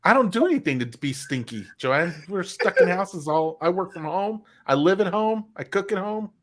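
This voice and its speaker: A man's voice: high voice, expressive, moderate pace, fairly bright tone. A man co-hosting a casual video-call chat from his home, bantering and teasing in a playful way. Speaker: co-host.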